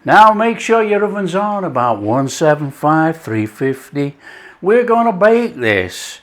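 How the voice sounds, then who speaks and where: Lively, unhurried man cooking. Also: on the high side. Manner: jokey, chatty kitchen patter. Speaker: cooking show host. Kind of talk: casual cooking demonstration.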